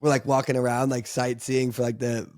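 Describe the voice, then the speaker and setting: On a podcast he co-hosts, a man chats loosely, laughing, restarting, and using lots of filler words. He talks a bit fast at a medium pitch with little variation and a slightly mellow tone, captured in a clean studio without echo.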